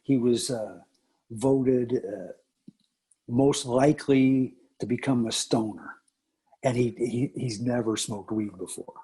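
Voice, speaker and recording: Husky, animated man telling stories. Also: slow. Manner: animated, acts out quotes with big pitch jumps. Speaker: teacher and coach, guest. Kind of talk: casual storytelling interview.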